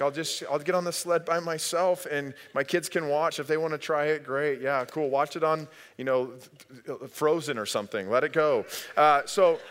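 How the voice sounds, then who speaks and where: Preaching man in a reverberant church. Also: fairly high pitch. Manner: storytelling, animated, acts out family voices. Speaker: pastor. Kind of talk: sermon. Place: church sanctuary. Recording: long hall reverb.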